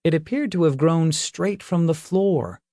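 A man reading a fantasy story aloud, unhurried and measured. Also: fairly high pitch, dark tone, no room sound, clean studio sound. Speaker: audiobook narrator. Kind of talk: scripted narration.

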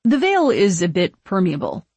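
A woman voicing a gentle male ghost who speaks in a serious, soothing way. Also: fairly low pitch, huge pitch swings, normal speed, slightly rough, dry recording, heavily acted.

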